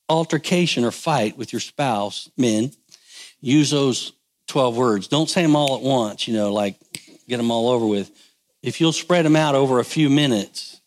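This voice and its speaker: A male pastor giving a folksy, conversational sermon on marriage, asking the congregation for responses. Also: medium pitch.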